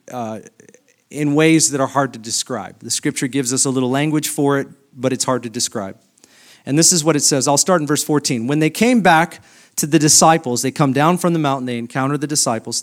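Middle-aged man, pastor, higher-pitched voice, preaching a sermon that swells from quiet reflection into passion. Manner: builds from quiet reflective reading to loud, high, impassioned preaching.

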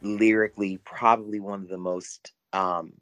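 A man's voice: fairly low pitch, level tone, moderate pace, a bit bright. A man co-hosting a casual podcast discussion, talking effusively and often repeating words while he searches for phrasing. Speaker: podcast co-host.

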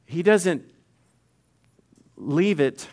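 A man's voice: a little high, lively intonation, very slow, a little mellow. A middle-aged male pastor preaching conversationally, often repeating words and acting out quoted dialogue. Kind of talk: sermon.

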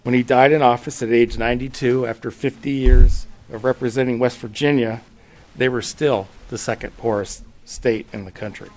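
A man giving prepared testimony at a hearing, reading facts and figures in a measured, steady way. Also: medium pitch. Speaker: public witness at a legislative hearing. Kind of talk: prepared testimony read at a podium.

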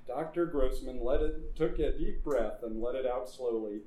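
A man narrating a horror story in a measured, dry reading voice. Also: a little high, dark tone. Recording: echoey room.

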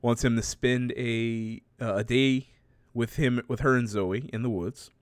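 A man's voice: medium pitch, steady tone, a little slow. A man in casual conversation, retelling a story with lots of laughter and playful voices for the quoted lines. His voice sits in a middle range and sounds dry and close, with no room echo.

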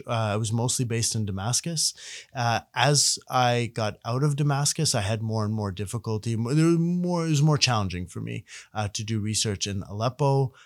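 A middle-aged man from Canada talks as a guest in an easy, conversational way. He grows animated, restarts his sentences and fills the gaps with ums. His voice sits at an ordinary pitch and sounds close and dry. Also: dry recording. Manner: animated, self-correcting, frequent fillers. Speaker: guest, researcher. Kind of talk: casual conversational storytelling.

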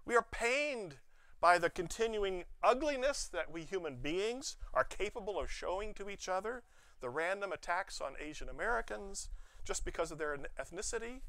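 A male pastor preaching an Easter sermon, expressive, with playful asides. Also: high voice, no echo. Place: church sanctuary.

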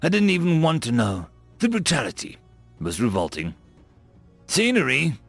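A man narrating a science-fiction audiobook in a dramatic, expressive manner. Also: mid-range voice, a little fast, slightly rough. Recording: dry close mic with faint music.

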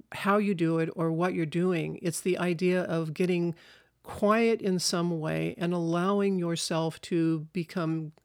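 A middle-aged minister talks through a reflective spiritual podcast at an unhurried, gentle pace. The voice sits at a middling pitch, neither high nor low. The delivery is measured and calm, with questions put to the listener and answered.

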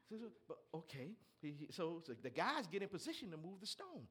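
A male pastor a sermon, reading scripture and breaking into lively asides to the congregation. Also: high voice, fast talker, few pauses. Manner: animated preaching with asides to the congregation.

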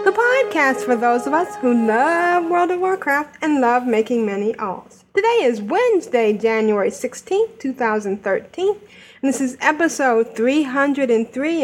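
Woman, podcast host, casual chat, giggly, a bit high-pitched. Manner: giggly, chatty.

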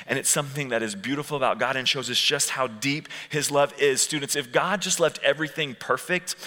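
A man in his thirties gives a chatty sermon to a room of students. He acts out the quotes and slows down to stress the key points. His voice is bright and forceful, and it carries a long reverb through a large hall. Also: medium pitch. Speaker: youth pastor.

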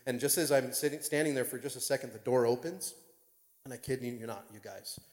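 A man, a pastor, tells a personal story to an audience in an excitable, rambling way full of fillers. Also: medium pitch, fairly quick. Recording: long reverb of a large hall.

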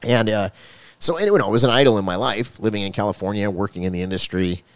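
Male pastor, quick earnest testimony, dry close sound. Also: fairly low pitch, smooth, no echo. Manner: earnest storytelling with rising emphasis. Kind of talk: personal faith testimony.

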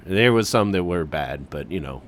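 A man's voice: low-pitched, animated, brisk, a little hiss or hum. A man from the Midwest hosting a casual solo commentary, laid-back and enthusiastic, tossing in "man" and mild swearing. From American Midwest.

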